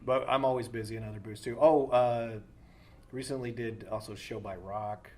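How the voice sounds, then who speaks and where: A man and voice actor chatting in a convention interview, telling lively stories about his work and jumping into high cartoon voices. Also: moderate pace. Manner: animated storyteller, bursts into high cartoon voices. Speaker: voice actor and director. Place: busy convention floor.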